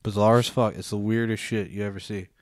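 A man's voice: fairly low pitch, steady tone, brisk, no room sound, studio quality. A young man co-hosting a podcast, rambling through a film review with lots of fillers and casual swearing. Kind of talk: casual profane chat.

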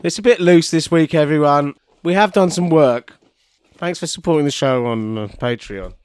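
A man co-hosting a comedy podcast, jumping between loud outbursts and mutters. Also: on the high side, moderate pace, clear, resonant tone, no room sound. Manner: animated, swings between loud outbursts and mumbles. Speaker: podcast co-host.

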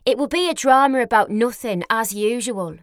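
A woman voicing an impulsive, loud young nurse with a Newcastle accent, blunt and excitable. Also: fairly high pitch, moderate pace, dry recording, studio quality, close to an everyday voice. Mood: excited, scoffing.

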